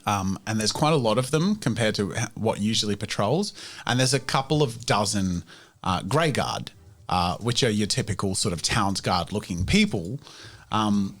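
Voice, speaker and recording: A man with a fairly low voice narrates a tabletop game as its game master. He rambles casually and fills pauses as he goes, and his pitch moves with a lot of life. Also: animated, fairly bright tone.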